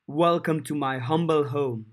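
Man doing a slow, grand summer-court fairy lord. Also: a little high, close to an everyday voice. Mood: grandiose. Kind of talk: audiobook character voice.

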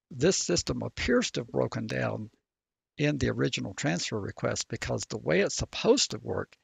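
A man with a Southern accent, co-hosting a podcast and explaining legal points in a measured, lawyerly way with a gravelly voice. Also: mid-range voice, no room sound. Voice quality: gravelly, husky voice. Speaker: legal expert co-host. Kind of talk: casual legal discussion podcast.

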